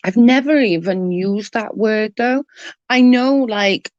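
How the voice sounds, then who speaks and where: A woman's voice: a little high, takes it slowly, darkish tone, dry recording, lo-fi sound. A woman with a Welsh accent chatting casually on a live stream, greeting viewers by name in an earnest, emotional way. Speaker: livestream host.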